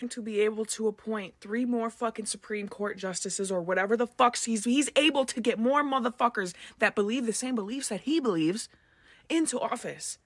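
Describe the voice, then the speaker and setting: A woman venting to camera, tearful and profane, at times crying and shouting. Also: on the high side, no echo.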